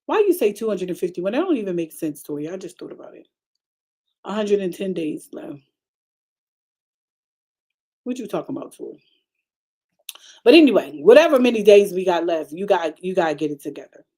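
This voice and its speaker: A middle-aged woman pastor preaching a sermon in a conversational, vernacular style that keeps rising into emphatic, high-pitched bursts. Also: very animated, moderate pace, long pauses, mellow.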